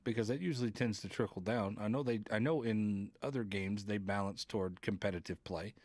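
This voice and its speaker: A male podcast host rambles through casual gaming talk, reading out viewer comments and swearing now and then. His voice is on the low side and darkish, brisk in pace, with a dry recording.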